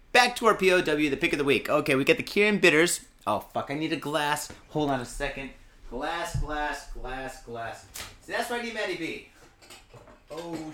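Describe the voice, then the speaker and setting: A man's voice: fairly high pitch, a bit bright. A man hosting a podcast, telling rambling, profane stories in casual chat. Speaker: podcast host.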